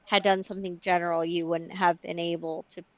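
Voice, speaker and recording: A woman's voice: on the low side, little pitch movement, brisk, dull audio. A woman co-hosting a casual livestream, chatty and wry.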